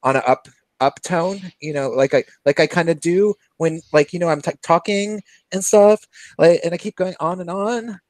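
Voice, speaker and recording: A man's voice: fairly high pitch, moderate pace, a little mellow, no room sound. A man in casual chat with a Californian Valley Girl accent, rambling and trailing his sentences up, full of "like". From Seattle. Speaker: podcast co-host.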